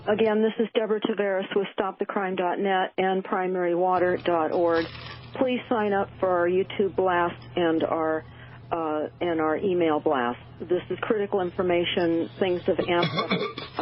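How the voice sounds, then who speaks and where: Woman talking urgently over a phone line. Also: lowish voice. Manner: urgent, many uh and um fillers. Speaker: guest. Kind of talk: radio call-in talk.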